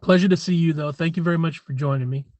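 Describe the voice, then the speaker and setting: Casting: man hosting a live stream, slightly high voice, chatty and rambling, dull dry lo-fi sound. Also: quick pace, a little mellow, dry recording. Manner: rambling, chatty, frequent throat clearing. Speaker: livestream host. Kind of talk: casual live-stream chat.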